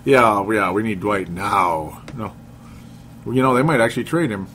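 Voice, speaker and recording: A man's voice: on the low side, lively intonation, moderate pace, fairly bright tone, slight background noise. A man hosting a casual sports podcast. He reads listener comments aloud and laughs often. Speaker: podcast host.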